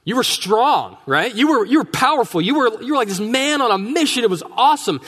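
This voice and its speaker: Man voicing a disappointed young wife: high-pitched, rising incredulous complaints, long church reverb. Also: big pitch swings, brisk, fairly bright tone, husky, exaggerated voice. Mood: exasperated. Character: exasperated wife, young woman, disappointed in her husband.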